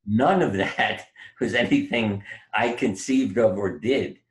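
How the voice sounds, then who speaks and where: A man's voice: fairly low pitch, slow pace, rough recording. An older man, a doctor and author, telling stories in an interview and acting out the voices he quotes. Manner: animated storyteller, acts out quoted voices. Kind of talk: storytelling interview.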